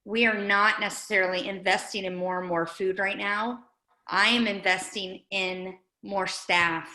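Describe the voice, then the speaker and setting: A woman's voice: medium pitch, fairly even intonation, a little slow, sharp tone, echoey room, poor audio. A woman giving an earnest, conversational update as a guest speaker at a community meeting. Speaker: guest speaker, nonprofit director. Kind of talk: informal update talk at a meeting.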